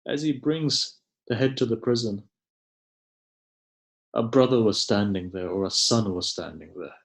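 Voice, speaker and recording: A man giving a mournful sermon, recounting a tragedy in slow, grieving storytelling with dramatic pauses, sometimes dropping almost to a hush. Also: fairly low pitch, creaky. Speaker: preacher. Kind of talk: mournful majlis sermon narration.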